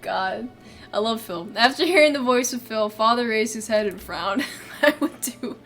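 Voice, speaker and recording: A woman's voice: a little high, lively intonation, normal speed, fairly bright tone, faint music behind. A woman streamer reading a game aloud, giggly, chatty, and self-mocking.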